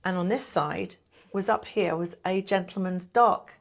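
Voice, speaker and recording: A middle-aged woman and pantomime performer chatting in an interview, telling lively stories and acting out what people said. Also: on the low side, a little slow. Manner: chatty, animated storyteller who acts out quotes. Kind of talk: casual interview chat.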